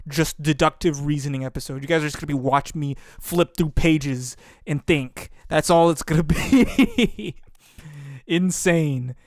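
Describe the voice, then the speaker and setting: A man hosting a let's play, commenting casually on a puzzle game and thinking aloud in rambling, restarting sentences. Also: fairly high pitch. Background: background music.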